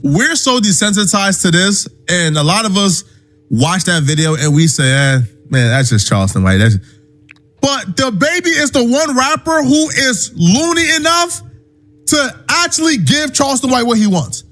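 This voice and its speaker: Exasperated male commentator, high voice with lively ups and downs, faint music underneath. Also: normal speed. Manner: exasperated, questioning, repeats words. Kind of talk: commentary clip.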